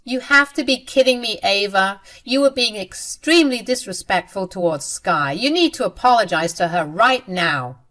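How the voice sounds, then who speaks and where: A woman's voice: medium pitch, animated, moderate pace, hardly any pauses, fairly bright tone, natural voice. A woman voicing a stern, disappointed middle-aged mother in a dramatized story. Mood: scolding. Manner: scolding.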